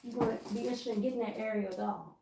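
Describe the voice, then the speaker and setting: Chatty woman livestreaming, slightly high voice. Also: steady tone, fast, gravelly, noisy background. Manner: chatty, laughs often, addresses viewers by name. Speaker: livestream host wrapping gift baskets. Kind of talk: casual livestream chat.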